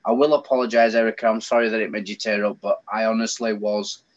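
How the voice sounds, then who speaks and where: Bloke on a live stream call, chatty, bit muffled sound. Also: male voice, fairly low pitch, little pitch movement, quick pace. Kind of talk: casual chat on a call. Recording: slightly dull lo-fi call audio.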